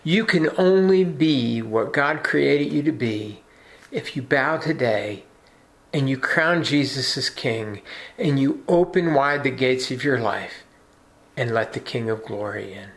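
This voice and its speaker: A man's voice: medium pitch, lively intonation, takes it slowly, a bit bright. A man preaching a sermon in an earnest, emphatic way, asking rhetorical questions. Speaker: pastor.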